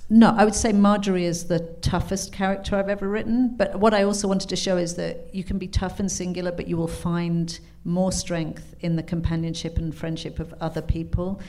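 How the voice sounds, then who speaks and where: A woman's voice: lowish voice, a little fast, few pauses. A British woman in her fifties, an author, telling anecdotes at a live book talk, laughing and acting out quotes as she goes. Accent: British English. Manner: animated, laughing, acts out quotes in character.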